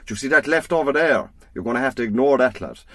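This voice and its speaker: A man voicing an old Irish man giving sat-nav directions in a low, slow manner. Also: fairly bright tone, dry recording, lightly acted. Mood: dry. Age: older.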